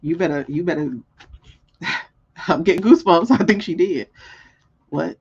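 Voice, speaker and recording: A woman hosts a live card-reading stream, talking straight to her viewers and laughing often. Her husky, slightly gravelly voice swings widely in pitch. The audio sounds a little dull and lo-fi. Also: a little slow. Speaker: tarot reader and stream host.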